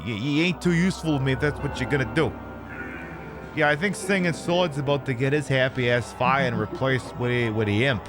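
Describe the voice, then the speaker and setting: Sarcastic, swearing man playing a game. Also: medium pitch. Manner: sarcastic, swears freely, talks to enemies and items. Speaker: streamer playing a video game. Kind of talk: let's-play gameplay commentary. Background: game music.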